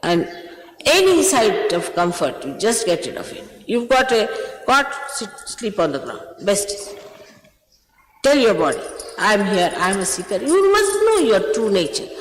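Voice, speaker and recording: A woman's voice: fairly high pitch, wildly swooping pitch, a little slow, a little hiss or hum. A woman, a spiritual teacher sternly admonishing her followers in a spiritual talk. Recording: echoey hall recording.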